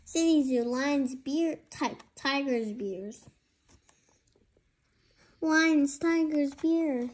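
A young reader reading a children's storybook aloud with slow, careful delivery. The voice is high and the pace is very slow.

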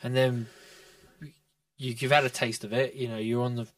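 A former boxer, co-hosting a casual podcast and reflecting in runs of short clauses. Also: male voice, mid-range voice, level tone, normal speed, no echo, recorded from a distance.

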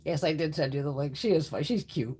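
A woman's voice: sits low, brisk, mellow, husky. A middle-aged woman chatting casually while hosting a beauty livestream, swearing freely and laughing often. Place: home makeup room.

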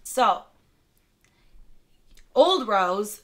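A woman's voice: mid-range voice, sing-song, extremely slow, a bit bright. A young woman comedian retelling a film in a rambling, profane, joking way. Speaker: guest comedian. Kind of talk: comic movie retelling.

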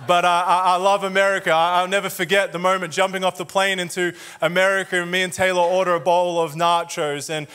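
A man's voice: high-pitched, sharp tone, slight background noise. A man with an Australian accent, preaching a sermon in a church with joking, conversational asides to the crowd. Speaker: pastor. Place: church auditorium.

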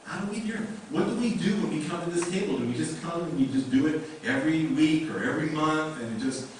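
A man's voice: a little high, fast, slight background noise. A male pastor preaching a sermon in a conversational way, with many rhetorical questions. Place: church sanctuary. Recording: echoey room mic from a distance.

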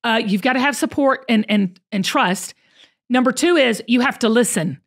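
A woman's voice: fairly high pitch, moderate pace. A woman hosting a casual chat, talking emphatically and animatedly. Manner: emphatic, animated, preachy bursts. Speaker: show host.

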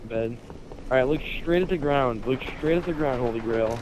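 A man's voice: mid-range voice, normal speed. A man in casual game voice chat, giving orders and trading jokey trash talk over a headset. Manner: bossy, joking trash talk. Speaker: online gamer. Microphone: gaming headset. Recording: noisy headset chat with gunfire. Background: game gunfire and vehicles.

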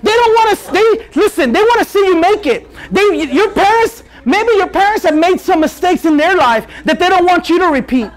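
A man's voice: extremely high pitch, brisk, hardly any pauses. A man preaching to a youth group, telling stories and acting out scenes with Spanish phrases. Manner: animated storyteller, acts out scenes, mixes in Spanish phrases. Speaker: youth pastor. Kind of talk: youth sermon with storytelling. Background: audience laughing and responding.

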